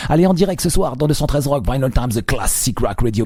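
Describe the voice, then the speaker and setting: A male radio host with a French accent who hesitates and fills pauses, translating a live interview into French. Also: medium pitch, darkish tone, breathy edge, no echo. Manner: hesitant, many fillers, switches between French and English.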